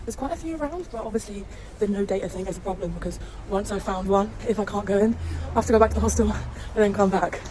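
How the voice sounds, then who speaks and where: A woman's voice: medium pitch, fast talker, crowd noise. A young British woman vlogging on her travels in a chatty, rambling way, swearing freely and laughing often. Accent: British English. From Britain. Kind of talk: casual chatty travel vlog. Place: outdoors while travelling.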